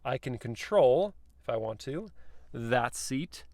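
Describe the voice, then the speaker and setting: A man's voice: mid-range voice, animated, slow pace, darkish tone, no room sound. A man giving a casual, playful review from the back seat of a car, chatting and joking to himself as he goes.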